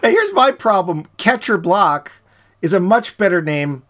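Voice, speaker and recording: Man, sarcastic podcast co-host, lively pitch, bright tone. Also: unhurried. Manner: sarcastic, animated, laughing. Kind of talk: casual film review chat.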